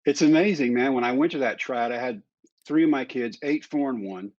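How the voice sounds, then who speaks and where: Lively storytelling man in his fifties. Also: medium pitch, a little fast, no room sound. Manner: lively storyteller, acts out dialogue. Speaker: interview guest. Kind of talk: candid storytelling in conversation. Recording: dry, slightly dull sound.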